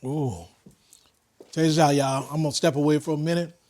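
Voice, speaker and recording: A man, chatting excitedly to viewers while barbecuing wings outdoors in the cold. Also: a little high, normal speed, no room sound. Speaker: home barbecue cook. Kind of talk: casual cooking vlog. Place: outdoors by a smoker in winter.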